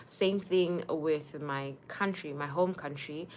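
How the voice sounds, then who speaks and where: A young woman, hosting a casual livestream and chatting warmly with viewers by name. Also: deep voice, slow, a little hiss or hum. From Zimbabwe. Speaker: livestream host.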